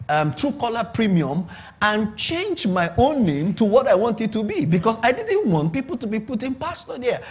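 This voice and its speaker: A middle-aged Nigerian man preaching a sermon on business, emphatic and repetitive, checking in with his audience. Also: extremely high pitch. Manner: emphatic, repeats points and asks the audience to confirm. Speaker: pastor.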